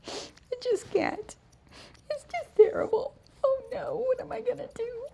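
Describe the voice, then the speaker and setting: A woman voicing an anxious male dog that whines and cries in a high, quavering voice. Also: unhurried, vocal fry, heavy background noise, exaggerated voice. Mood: whimpering. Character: anxious male dog, whimpering and self-pitying.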